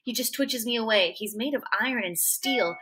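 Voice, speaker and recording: A woman reading a novel aloud, narrating in an expressive, dramatic way. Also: fairly high pitch, moderate pace, background noise. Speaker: audiobook reader.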